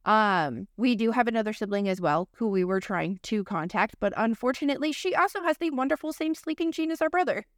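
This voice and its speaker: A woman's voice: on the high side, expressive, a little fast, few pauses, no echo, studio quality. A woman in her thirties co-hosting a podcast, telling a personal story in a candid, profane, conversational way. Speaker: podcast co-host. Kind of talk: casual conversation.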